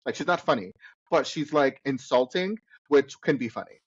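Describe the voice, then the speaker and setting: A man's voice: medium pitch, lively intonation, normal speed, slightly rough, no echo. A man co-hosting a casual podcast who rambles along and keeps fumbling for names. His voice comes through a slightly muffled, dry recording with no room sound. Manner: chatty, rambling, trips over names. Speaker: podcast co-host. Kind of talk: casual chat recapping a reality show.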